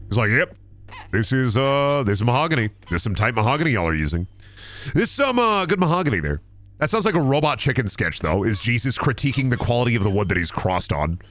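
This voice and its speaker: A swaggering everyman contractor, put on by a man, who rambles and boasts about his craft like a pitchman. The tone is gravelly and bright, with lively swoops in pitch. Faint music plays underneath. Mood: rambling. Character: boastful everyman male deck-building contractor. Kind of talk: comedic improvised character bit.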